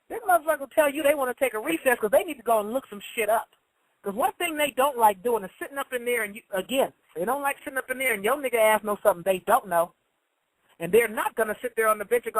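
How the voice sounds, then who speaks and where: A woman hosting a live talk show, explaining legal matters in a blunt, profane, fast-talking way and reading out messages from listeners. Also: on the high side, dry recording, low-quality recording. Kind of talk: live call-in talk monologue.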